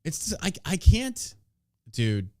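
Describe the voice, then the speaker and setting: A man hosting a podcast in casual chat, talking in an animated, profane and sarcastic way. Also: a little high, slow pace, clean tone, no echo, clean studio sound. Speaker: podcast host.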